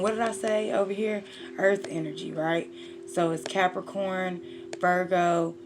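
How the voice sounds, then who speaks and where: A woman's voice: on the low side, background noise. A woman doing a casual tarot reading to camera, blunt and profane, talking straight to her listener. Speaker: tarot reader.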